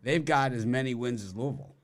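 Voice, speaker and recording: A man's voice: medium pitch, brisk. A man hosting a sports betting show, rattling off college matchups and cracking dry jokes between them. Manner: joking, rattles off matchups with wisecracks. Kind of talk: casual sports betting chat.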